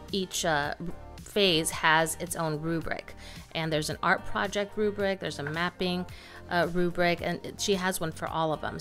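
A woman in her thirties with a fairly low voice, chatting about homeschool materials in a casual, lively way. She fills her talk with little ums and restarts, and faint music plays behind her. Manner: chatty, lively, with frequent fillers. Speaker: homeschooling mom and channel co-host. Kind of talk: casual curriculum review chat.

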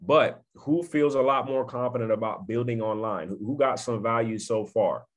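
A man's voice: mid-range voice, normal speed. A man giving an emphatic motivational talk on a video call, repeating phrases and often checking in with his listeners. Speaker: network marketing speaker.

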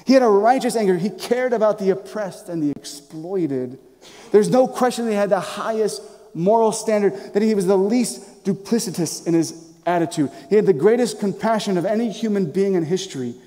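A male pastor preaches with passion, his voice pitched high for a man yet mellow in tone. He swings from loud, emphatic lines to hushed near-whispers and often restarts his words. His voice rings with the long reverb of a large church hall. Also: lively intonation, moderate pace. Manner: repeats and restarts words as he speaks. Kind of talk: sermon. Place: church sanctuary.

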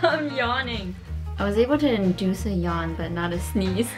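A woman's voice: medium pitch, fairly quick, a little mellow, soft background music. A young woman joining a casual vlog, teasing and playful. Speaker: co-host, sister. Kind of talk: casual chat.

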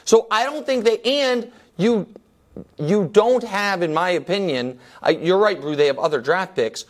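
Emphatic studio debate co-host, man, higher pitch, pushy delivery. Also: unhurried. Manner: emphatic, argumentative, interrupts often. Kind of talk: heated sports debate.

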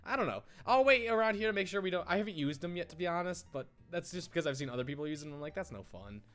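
A man giving casual, excitable let's-play commentary, rambling with frequent stammered restarts. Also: sits high, rapid-fire. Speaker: gaming YouTuber.

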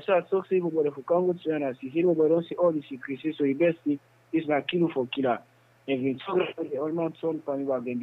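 A man with a Sierra Leonean Krio accent recounting events in a phone interview, in halting, repetitive speech. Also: on the high side. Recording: tinny phone line.

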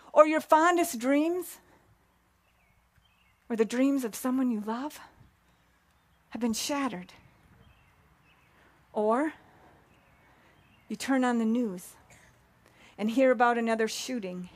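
A woman pastor preaching a sermon in an earnest, measured way, asking rhetorical questions. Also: high-pitched, dry recording. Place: church sanctuary.

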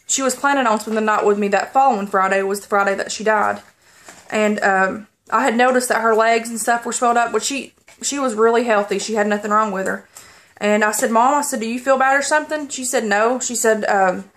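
A woman vlogger holding back tears as she tells a personal story, halting and rambling with many pauses and restarts. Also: medium pitch, fairly bright tone.

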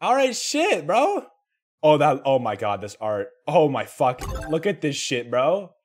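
A young man streams a game with a hoarse, worn-out voice that still jumps around with lively, swooping excitement. He swears and shouts his reactions, and the voice sits a bit high. Faint game music plays behind him. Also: a little slow. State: hoarse, tired voice. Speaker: gaming streamer. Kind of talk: excited gaming commentary.

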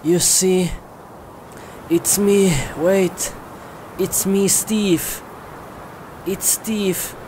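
An actor playing a frantic, lovesick young man who pleads melodramatically with drawn-out cries in an amateur skit. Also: high-pitched, fairly even intonation, noisy background. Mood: pleading. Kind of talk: amateur live-action skit acting.

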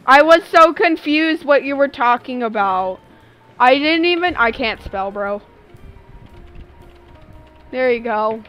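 A woman's voice: high voice, animated, takes it slowly, long pauses, fairly bright tone, faint music behind. A woman in her twenties chatting casually and slangily as she streams a game. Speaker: live streamer. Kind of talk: casual chat while gaming on stream.

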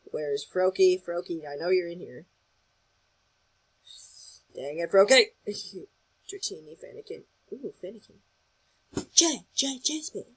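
Excitable, rambling gameplay commentator. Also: mid-range voice, low-quality recording. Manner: excitable, rambling, thinks aloud. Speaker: gaming channel host.

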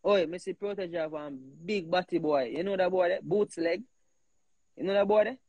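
A man's voice: sits high, moderate pace, dry recording, lo-fi sound. Emphatic Jamaican man, dry sound. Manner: animated, emphatic, repeats himself. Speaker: host. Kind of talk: heated casual talk.

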